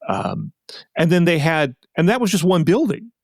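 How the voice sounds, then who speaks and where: A man co-hosts a podcast in a fairly high, very animated voice with vocal fry, at a moderate pace. He chats casually and rambles, with many restarts and asides, recorded in clean studio sound with no echo.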